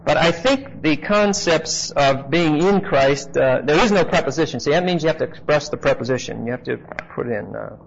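A man teaching a Bible class in a conversational way. He spells out word meanings slowly, repeats key phrases and asks his listeners questions. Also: on the high side, expressive, creaky, a little hiss or hum. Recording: muffled lo-fi recording.

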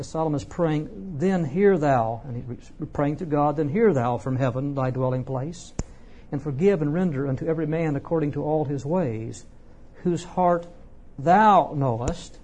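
A preacher delivering an expository sermon, speaking emphatically with wide swings in pitch and loudness and repeating words for emphasis. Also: a little slow, a little hiss or hum.

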